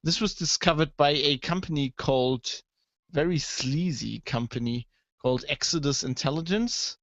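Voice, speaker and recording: Man, casual podcast co-host, lively anecdotes, dry lo-fi sound. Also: on the high side, moderate pace, no echo. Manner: animated storyteller, acts out quoted people, swears. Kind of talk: casual tech podcast chat.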